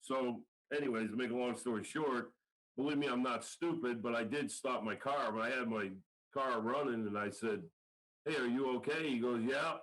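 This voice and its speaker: A man's voice: mid-range voice, moderate pace, a bit bright, poor audio. A middle-aged man, a football coach, telling a story in a casual podcast interview and acting out the quoted lines. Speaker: guest, college football line coach.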